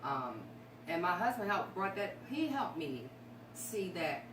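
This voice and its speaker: A woman's voice: lowish voice, sing-song, unhurried. Woman telling her story, echoey and distant. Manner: heartfelt, rambling, emotional. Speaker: guest sharing her story. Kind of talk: candid talk show conversation. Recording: echoey room, distant mic, noisy.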